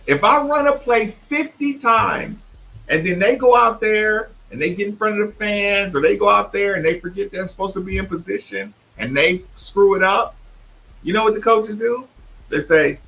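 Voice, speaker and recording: Bright emphatic sports-talk host. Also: male voice, high voice, normal speed, vocal fry, poor audio. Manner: animated, emphatic, impersonates others. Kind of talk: sports talk show commentary.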